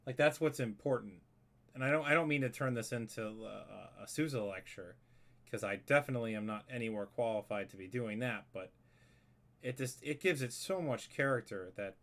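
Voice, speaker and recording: With a fairly low but slightly bright voice, a man walks through a music arrangement in a laid-back screen-share tutorial. He edits a score as he goes, rambling and self-correcting while he thinks aloud.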